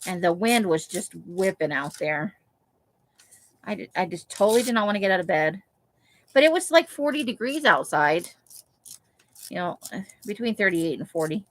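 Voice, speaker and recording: A woman's voice: mid-range voice, expressive, normal speed, pauses often. Chatty woman crafting while she talks. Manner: chatty, thinks aloud, many "like" fillers. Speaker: craft livestream host. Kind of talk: casual chat while crafting. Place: home craft room, Las Vegas.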